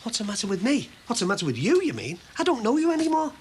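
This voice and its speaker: An actor playing a blunt, sarcastic middle-aged shopkeeper, in a soap opera. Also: male voice, very high-pitched, huge pitch swings, fast, a little hiss or hum, exaggerated voice. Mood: heated.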